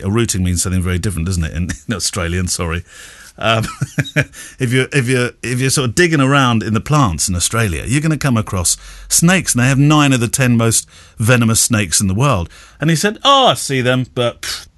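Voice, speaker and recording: Co-host, lively pitch, rambling and chuckly, dry close sound. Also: male voice, dry recording. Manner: rambling, chuckling, self-correcting. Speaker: podcast co-host. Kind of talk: casual podcast chat.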